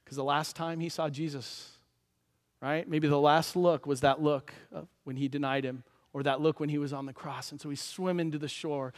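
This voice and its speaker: High-voiced animated pastor in a reverberant hall. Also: male voice, moderate pace. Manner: animated storytelling, acting out quoted voices. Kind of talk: sermon.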